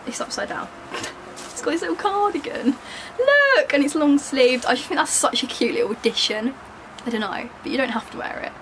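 A young fashion vlogger giggles and jokes with her viewers as she tries on clothes at home for a casual haul video. Her voice is a little high and a bit bright. The audio is poor, with some background noise.

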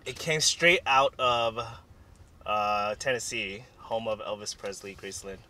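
A man's voice: lowish voice, a little slow, bright, forceful tone, slight background noise. A man hosting a food vlog, chatting casually and teasing his friends while he laughs a lot in a car. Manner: giggly, teasing, laughs often. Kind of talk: casual chat. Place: inside a car.

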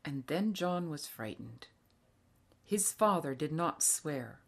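Slow low-voiced woman narrator. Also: husky. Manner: calm, measured storytelling. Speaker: audiobook reader. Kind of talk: scripted narration.

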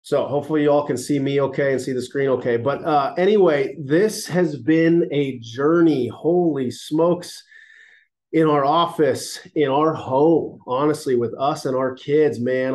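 Stuffy nasal guy in his 30s, kinda high voice, chatty folksy chiropractor doing a casual health livestream on a laptop mic. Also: measured pace, darkish tone. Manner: folksy and enthusiastic, with exclamations. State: congested and nasal. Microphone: laptop and phone mics.

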